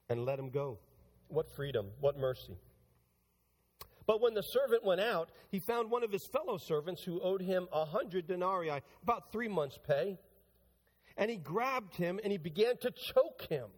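In a church sanctuary with a long reverb tail, a man whose voice sits high preaches to his congregation. He begins in a conversational way and works up to emphatic preaching.

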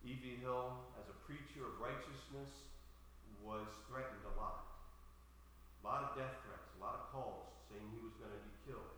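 A man's voice: mid-range voice, normal speed, pushed and bright, in a large hall, a little hiss or hum. A man preaching a sermon to his church in an earnest, emphatic manner. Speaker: pastor.

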